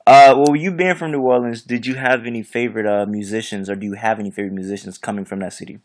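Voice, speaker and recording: A man's voice: lowish voice, fairly even intonation, fast. A man from Florida hosting a casual interview, eager and chatty, asking long rambling questions. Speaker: host.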